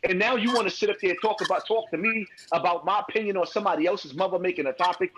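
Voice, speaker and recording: A man's voice: high voice, very fast, background noise. A man arguing heatedly as a guest on a live call-in stream, repeating himself as he presses his point. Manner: heated, confrontational, repeats phrases.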